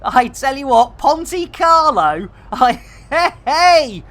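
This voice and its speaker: A man's voice: extremely high pitch, expressive, takes it slowly, a bit bright. A middle-aged man with a Barnsley accent, chatting through a live game stream in a jokey way full of catchphrases. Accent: Barnsley, Yorkshire. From England. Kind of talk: live gameplay stream chat.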